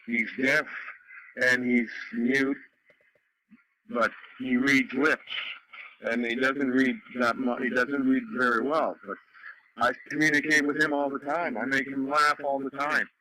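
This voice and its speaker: A man's voice: medium pitch, flat delivery, unhurried, bright, forceful tone, poor audio. A man from Canada telling rambling stories in a casual chat over a radio net, full of fillers and restarts. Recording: radio audio with faint noise.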